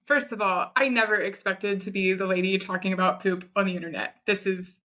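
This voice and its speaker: A woman in her thirties with a bright, forceful voice. She talks in an animated, chatty way, like a guest sharing her own story on a podcast. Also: mid-range voice, brisk. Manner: chatty, animated retelling with quoted asides. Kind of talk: conversational storytelling.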